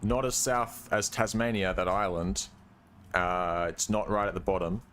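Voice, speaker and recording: Laid-back low-voiced Australian young man. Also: fairly even intonation, unhurried, a bit bright, slight background noise. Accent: working-class Australian. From Western Australia. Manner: rambling, hesitant, trails off with "I don't know". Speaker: gaming streamer. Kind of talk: casual gameplay chat.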